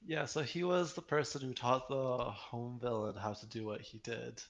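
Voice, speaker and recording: A man's voice: fairly even intonation, moderate pace. A man co-hosting a podcast, chatting casually and sounding exasperated and amused. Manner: exasperated and laughing, jumps high in pitch when amused. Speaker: podcast co-host reviewing webcomics. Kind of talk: casual chat.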